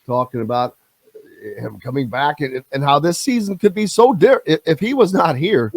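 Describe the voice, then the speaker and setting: A man's voice: a little high, lively intonation, normal speed, vocal fry, darkish tone, husky, no echo. A male sports radio host speaking emphatically and jumping in to disagree.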